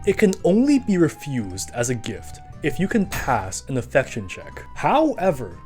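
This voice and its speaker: A man's voice: medium pitch, huge pitch swings, normal speed, darkish tone, soft background music. A man reading a scripted commentary in a casual, chatty way, full of asides. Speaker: video essayist.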